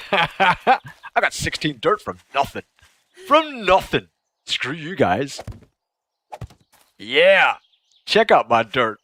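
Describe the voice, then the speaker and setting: A young man giving casual live commentary while he plays a game, excitable and laughing often as he chats to viewers. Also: a little high, slow, pauses often. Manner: excitable, giggly, chatting to viewers. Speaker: gaming streamer.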